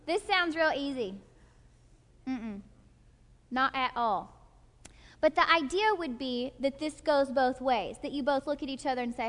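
A woman teaching a group in a live session. She talks in an animated way, acts out short quoted voices and keeps checking that her listeners follow. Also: high voice, a little slow, long pauses. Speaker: workshop teacher. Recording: long hall reverb.

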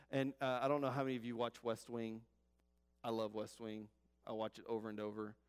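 Man, pastor, earnest sermon, repetitive, soft hush, mid pitch, long hall reverb. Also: clear, resonant tone.

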